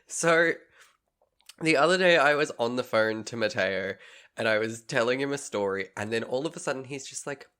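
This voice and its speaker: A man's voice: medium pitch, expressive, normal speed, fairly bright tone, clean tone. Chatty man slipping into voices. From Australia. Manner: chatty, slips into playful voices. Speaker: podcast co-host. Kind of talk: casual chat, storytelling.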